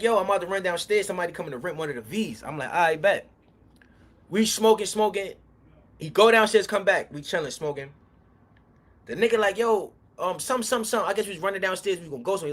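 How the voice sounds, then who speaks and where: A man tells a street story in a loose, profane, animated way. His voice sits a little high for a man, and he jumps into the other people's lines as he acts out each standoff. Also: husky.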